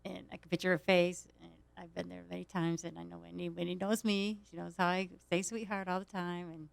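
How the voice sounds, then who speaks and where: A woman's voice: fairly low pitch, little pitch movement, brisk, vocal fry, dry recording. A woman telling a rambling story in casual chat, laughing often as she goes. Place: small studio.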